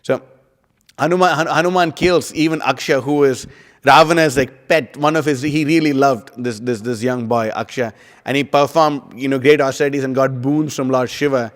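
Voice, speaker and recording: A man giving a casual scripture class, rambling and animated, with lots of "you know" and "like". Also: medium pitch, normal speed. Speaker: devotional class speaker. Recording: long hall reverb.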